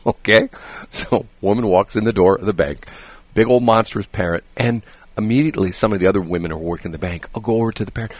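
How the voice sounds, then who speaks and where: A male radio host chatting casually in a studio, telling stories animatedly and laughing often, his voice a bit hoarse. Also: lowish voice, fast talker, no echo. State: slightly hoarse. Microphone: studio microphone.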